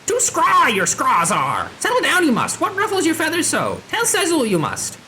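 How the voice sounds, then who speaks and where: A woman voicing a proud male bird-man warrior in a game read-along, speaking in backwards word order with squawks and shouts. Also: high voice, huge pitch swings, moderate pace, slight background noise, pitched above the performer's own voice, heavily acted. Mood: indignant.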